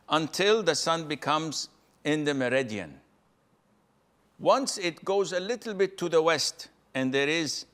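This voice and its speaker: A sheikh walks a listener through a ruling at an unhurried pace. His voice sits at an ordinary pitch, and he lays out each step plainly and patiently. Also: fairly bright tone. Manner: patient, explanatory, slow and deliberate. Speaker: sheikh answering questions. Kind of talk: Islamic Q&A answer.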